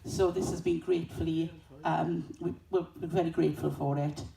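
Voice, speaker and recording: A school representative, a woman, stumbles and corrects herself while thanking a fund in a brief speech at a community gathering. Her low, creaky voice holds a steady tone at a moderate pace. The recording picks her up from a distance in a reverberant hall, with a little background noise.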